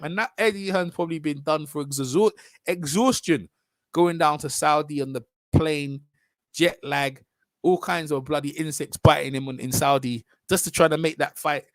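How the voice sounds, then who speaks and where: Animated man ranting, fairly high. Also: no echo, clean studio sound. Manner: animated, mocking, repeats himself, drifts into quick asides. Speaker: boxing commentary vlogger. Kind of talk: casual ranting commentary.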